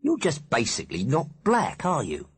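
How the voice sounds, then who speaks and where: A man reading an audiobook, voicing a cheeky, quick-witted heavyset teenage boy. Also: medium pitch, huge pitch swings, breathy edge, no echo, pitched above the performer's own voice, exaggerated voice.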